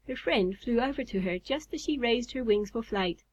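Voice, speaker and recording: A woman reading a children's story aloud in a calm, measured way. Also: a little high. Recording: slightly muffled recording.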